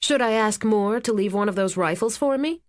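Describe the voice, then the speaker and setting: A woman's voice: medium pitch, moderate pace, no room sound, voice pushed up, close to an everyday voice. Woman doing a wry, skeptical journalist. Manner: sarcastic, dry.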